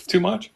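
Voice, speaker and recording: A man's voice: very high-pitched, gravelly, bright, forceful tone. A man on a video call, joking bluntly and swearing crudely in casual chat. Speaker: group chat participant.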